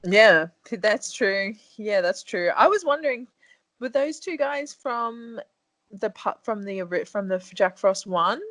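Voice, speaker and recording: A woman's voice: medium pitch, lively intonation, a little slow, fairly bright tone, no echo. A woman guesting on a podcast in casual chat, playful and laughing often.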